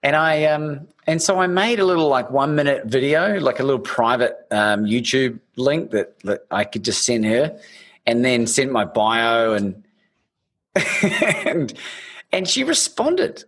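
A man's voice: mid-range voice, expressive, unhurried, a bit bright. A man hosting a podcast, telling stories in a rambling, casual way with many restarts. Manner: storytelling, rambling, frequent restarts and swearing. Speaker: podcast host. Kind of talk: casual interview chat.

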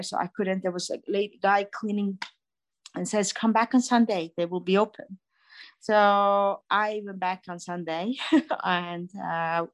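A woman from Iran, telling her personal testimony as a guest, in a halting way with frequent pauses and restarts. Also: medium pitch.

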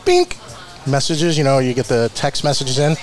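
A man's voice: fairly quick, over music. A middle-aged man from New Jersey, a guest telling stories in a casual interview, acting out quotes with big jumps in his voice. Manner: animated storyteller, acts out quotes with big pitch jumps. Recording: noisy room recording.

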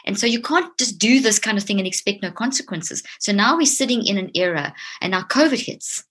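A woman's voice: mid-range voice, expressive, fairly quick, a bit bright, husky. A woman giving an impassioned, explanatory talk, emphatic and earnest, often repeating words as she builds a point, speaking outdoors. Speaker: speaker on mind and mental health. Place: outdoors near a tree.

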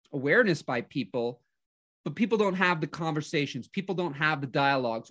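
A man who works as a life coach, giving an energetic motivational talk, telling a personal story with frequent restarts. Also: a little high.

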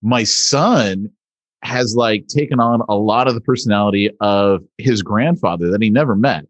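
A man co-hosting a casual podcast chat, telling family stories in a relaxed way. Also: lowish voice, normal speed, no echo. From Southern California. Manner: relaxed storytelling. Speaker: podcast co-host.

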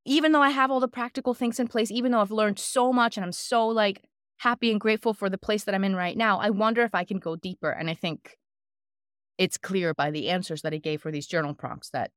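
A woman's voice: mid-range voice, fairly even intonation, fairly bright tone, clear, resonant tone, no room sound, studio quality. A woman co-hosting a podcast in casual chat, reflective, quoting her own thoughts aloud. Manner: reflective, quick-spoken, drops into quoted self-talk. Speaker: podcast co-host.

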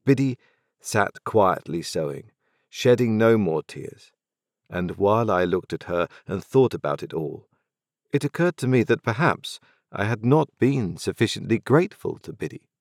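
Male narrator, low voice, expressive lively intonation, measured, dry close sound. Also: no echo. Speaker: audiobook narrator. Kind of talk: scripted first-person narration.

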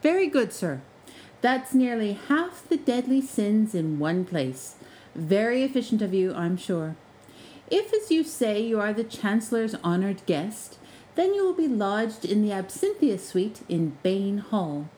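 A woman's voice: medium pitch, a little slow, a little hiss or hum, rough recording. A woman voicing a male house spirit working as a college porter, formal and dryly polite. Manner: formal, deadpan, sly.

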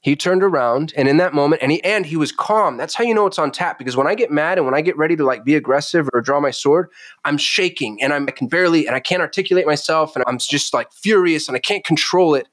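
A man's voice: fairly high pitch, quick pace, no room sound. Candid, intense man telling a story. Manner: intense, swearing, confessional, animated when retelling. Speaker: podcast guest. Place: Phoenix.

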